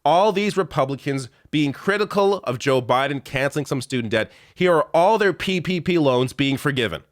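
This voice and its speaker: A man's voice: a little high, expressive, normal speed, no room sound. Exasperated male political commentator, dry sound. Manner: exasperated, sarcastic, rattles off lists.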